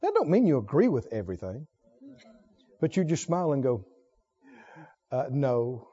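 A male preacher with a high, lively voice that leaps up and drops low. He repeats his key lines for emphasis and moves from loud exhortations to hushed asides. The recording is dull and lo-fi. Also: a little fast, husky. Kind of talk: sermon.

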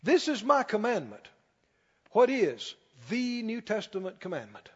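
A man preaching a sermon as pastor, emphatic, slowing down and rising on key lines. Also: high-pitched, very animated, husky. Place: church sanctuary. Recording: dull sound with long hall reverb.

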